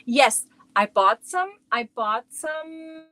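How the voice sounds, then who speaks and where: A middle-aged woman hosts a crochet livestream from home, her voice sitting a little high. She rambles in a casual, chatty way, breaking off to greet viewers by name. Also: animated, slow pace, pushed and bright.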